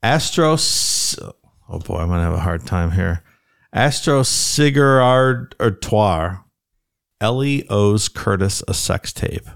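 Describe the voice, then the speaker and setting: A Midwestern man with a lowish, gravelly voice banters on a podcast. He reads lists of names and throws in crude wisecracks. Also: lively intonation, measured pace. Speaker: podcast co-host. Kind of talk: casual banter, reading patron names.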